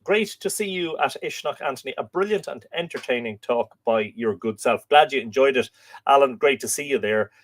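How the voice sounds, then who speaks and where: Irish guy hosting a live stream, reads out chat messages, rambly and friendly, middle of the road pitch. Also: normal speed. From Ireland. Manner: chatty and musing, with filler words. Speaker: host. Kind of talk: live stream chat, reading viewer comments.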